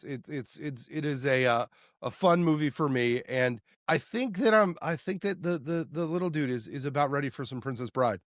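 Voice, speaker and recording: A man's voice: medium pitch, dry recording, clean studio sound. Playful male podcast co-host. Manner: playful, quotes lines, trails off in restarts. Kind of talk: casual movie-review chat.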